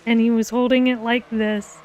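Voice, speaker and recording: A woman's voice: on the high side, flat delivery, normal speed, a little mellow. A young woman casually telling a story on a live stream, laughing often as she talks. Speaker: co-host of art and gaming stream.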